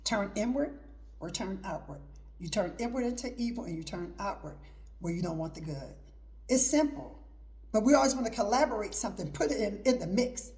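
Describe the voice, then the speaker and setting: A woman's voice: mid-range voice, animated, brisk, darkish tone. A middle-aged woman hosting her own show, giving an emphatic, repetitive preaching talk mixed with personal testimony. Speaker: host.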